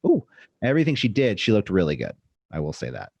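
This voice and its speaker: Lower-voiced man giving wry wrestling takes. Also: wildly swooping pitch, fast talker, creaky, darkish tone, no room sound. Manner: reads from notes, hesitant, adds wry asides. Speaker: podcast co-host. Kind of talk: casual wrestling review chat.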